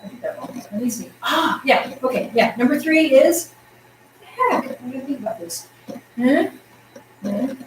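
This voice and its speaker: A woman teaching a tai chi class, encouraging and counting out the moves, projecting her voice loudly. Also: high voice, expressive, normal speed, a little hiss or hum. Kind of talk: guiding an exercise class. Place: exercise room indoors. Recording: echoey room, voice from a distance.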